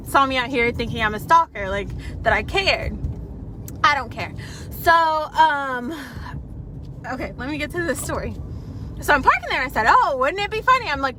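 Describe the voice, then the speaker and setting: A high-voiced young woman rattles through a dating mishap, loose and chatty, dropping curse words and calling out to her viewers. She records on her phone from her car, and heavy vehicle noise runs under her voice. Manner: chatty, profane, addresses viewers as y'all. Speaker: vlogger. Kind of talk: casual storytime vlog.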